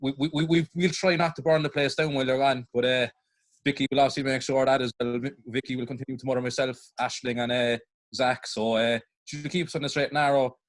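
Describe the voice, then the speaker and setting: A man's voice: mid-range voice, fairly even intonation, fast talker, dry recording. A young man with a Cork Irish accent thanking the host in an informal, teasing way. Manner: informal, teasing, uses the local "boy". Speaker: students' union officer. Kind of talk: casual thanks on a video call.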